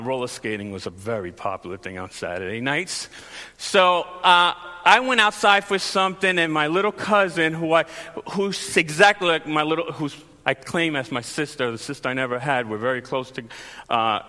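A man from Long Island preaching a sermon, telling lively personal stories and acting out the shouting scenes. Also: high-pitched, long reverb tail. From Long Island, New York. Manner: animated storyteller, acts out shouting scenes.

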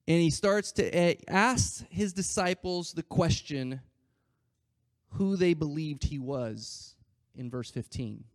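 A man preaching a sermon, acting out scripture quotes in a conversational way and swinging between loud emphasis and quiet asides. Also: fairly high pitch, slow pace, no echo. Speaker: pastor.

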